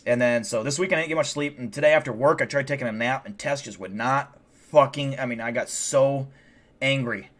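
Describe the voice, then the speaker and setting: A man's voice: medium pitch, a little fast, fairly bright tone. Tired, drunk man rambling on stream. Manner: rambling and profane, with frequent restarts. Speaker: livestream host. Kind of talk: casual rambling livestream chat.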